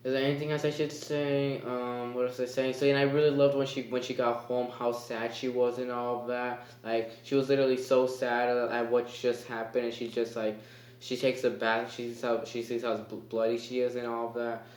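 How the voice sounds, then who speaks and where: A man's voice: mid-range voice, level tone, brisk, a little mellow. A man giving a casual spoken movie review. He rambles and hesitates, with lots of fillers. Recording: echoey room.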